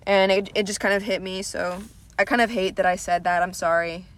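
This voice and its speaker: A woman's voice: mid-range voice, steady tone, fairly quick. A young woman from Atlanta, a comedian hosting her own podcast, rambles in a casual, self-deprecating way and swears freely. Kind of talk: casual solo podcast monologue. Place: small room at home, lights went out.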